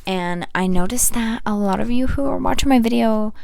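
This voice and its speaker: A young woman chatting casually as a book vlogger, animated and full of slang and playful asides to her viewers. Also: on the high side, normal speed, gravelly, a little hiss or hum. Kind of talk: casual monthly reading wrap-up chat.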